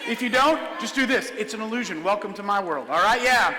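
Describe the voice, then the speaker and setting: A man performing a comedic illusion show for children, jokey and energetic, often checking in with "all right?". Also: sits high, a little fast. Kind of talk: comedic stage magic show for kids. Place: large church hall with high ceiling. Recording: echoey hall, live stream.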